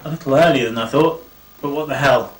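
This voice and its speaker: An actor playing a self-assured suitor who talks in a confident, dismissive way. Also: male voice, medium pitch, fairly quick, lightly acted. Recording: distant, hissy VHS audio.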